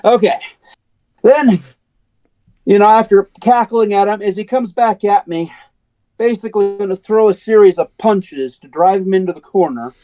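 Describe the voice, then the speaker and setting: A man's voice: high voice, normal speed, dark tone. A man playing a tabletop role-playing game, eagerly describing his wrestler's moves. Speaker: player.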